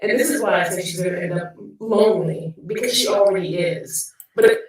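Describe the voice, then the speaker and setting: A woman's voice: mid-range voice, brisk. Woman vlogger, hesitant and rambling, distant echoey sound. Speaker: YouTuber in a played clip. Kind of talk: casual vlog commentary.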